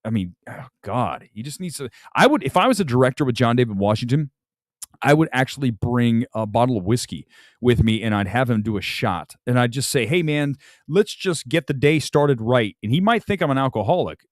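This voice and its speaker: Opinionated male livestream film host, lively swooping delivery, middle pitch. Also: brisk, no room sound, clean studio sound. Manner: animated, ranting, swings from loud outbursts to low mutters. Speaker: film critic show host. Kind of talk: opinionated livestream movie talk. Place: home room with film boxes and jerseys.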